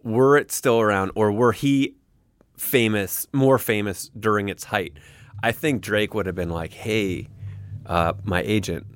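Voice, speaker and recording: A man's voice: lowish voice, unhurried, smooth, dry recording. A man co-hosting a podcast, laid-back and joking in casual chat. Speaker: podcast co-host.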